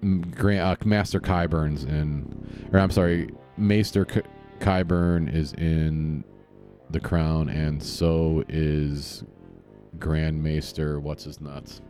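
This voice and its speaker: A man's voice: a bass voice, fairly even intonation, slow pace, warm tone, faint music behind. A man hosting a podcast in a casual chat, rambling and correcting himself as he goes, with the odd chuckle. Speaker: podcast host.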